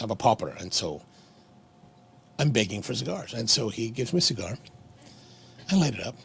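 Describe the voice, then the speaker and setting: A man's voice: medium pitch, vocal fry, slightly rough. A man co-hosting a casual chat show over coffee and cigars, telling a rambling story with many restarts. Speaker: podcast co-host.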